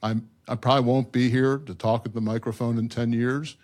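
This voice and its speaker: A man's voice: mid-range voice, level tone, fairly quick, a little mellow. An older man answering a question on a discussion panel, earnest and emphatic, often restarting his sentences.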